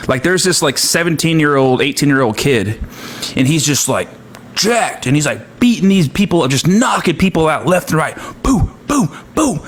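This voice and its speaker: A man's voice: a little high, fairly bright tone. A man chatting casually and rambling, with many fillers. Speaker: comedic streamer. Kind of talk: casual chat.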